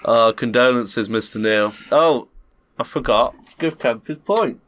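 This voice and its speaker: A man's voice: mid-range voice, measured pace, a bit bright. A middle-aged man, co-hosting a casual podcast and running a quiz, joking and swearing freely. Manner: jokey, playful, swears freely. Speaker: podcast co-host and quiz master. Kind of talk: casual banter. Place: garage.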